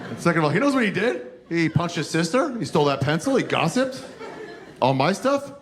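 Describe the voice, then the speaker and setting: A man's voice: a little high, sing-song, a little fast, noisy background, voice pushed up. A man acting out his stern father, who scolds bluntly in a mock-legal way. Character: stern religious father, middle-aged man.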